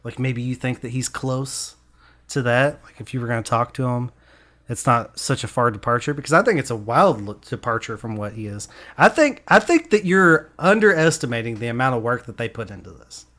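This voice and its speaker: A man's voice: mid-range voice, expressive, fairly quick, fairly bright tone. A man hosting a casual movie review podcast, pressing his co-hosts with questions and debating their points. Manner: questioning, argumentative. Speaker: podcast host.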